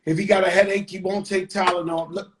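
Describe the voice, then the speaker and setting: A man's voice: high-pitched, little pitch movement, fairly quick. A man hosting a talk show, chatting casually, with blunt, profane remarks and preachy asides. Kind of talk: casual chat.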